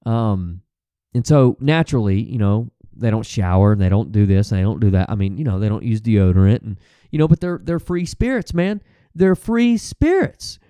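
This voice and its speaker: Man, podcast host, casual rambling monologue, frequent swearing, mellow tone, dry close sound. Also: fairly low pitch, lively intonation, brisk, smooth, no echo. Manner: rambling, profane, restarts and fillers.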